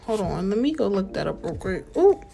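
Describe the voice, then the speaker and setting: A young woman giving casual, animated let's-play commentary and talking straight to her viewers. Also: medium pitch, brisk, gravelly, soft background music. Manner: chatty, animated, talks to viewers as y'all. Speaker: gameplay narrator.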